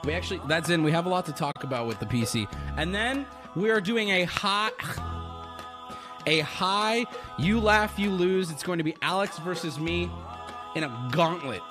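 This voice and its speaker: A man streaming live, chatting casually with his audience in a rambling, excitable way and swearing a lot. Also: high-pitched, moderate pace, over music.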